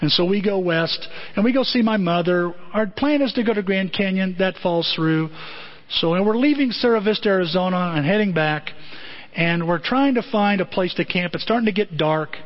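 A middle-aged male pastor telling a story in a sermon, animated and conversational, with comic asides. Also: high voice, normal speed. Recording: dull lo-fi audio.

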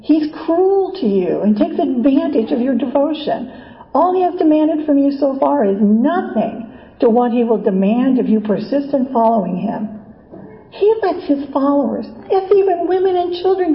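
A woman's voice: high voice, lively intonation, moderate pace, echoey room, muffled recording, voice pushed up. A woman reading the lines of a cruel, sneering personification of bitterness in an insistent way.

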